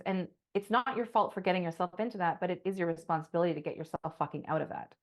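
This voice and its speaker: A woman's voice: fairly low pitch, fast, few pauses. A woman co-hosting a podcast, talking in a passionate, rambling way, swearing often and saying "like" a lot. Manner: passionate, profane, rambling with many "like"s. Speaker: podcast co-host. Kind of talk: casual podcast monologue.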